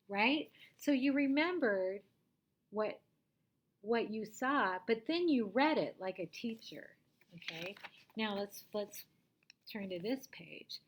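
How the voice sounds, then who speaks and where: A woman teacher giving a reading lesson to young children, patiently asking them questions and sometimes dropping to a soft whisper. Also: medium pitch, expressive, slow.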